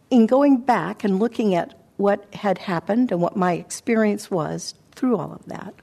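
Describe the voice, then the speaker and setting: In a meditation center hall, a female teacher shares a personal story during a dharma talk. Her mid-range voice is reflective and halting, broken by gentle pauses.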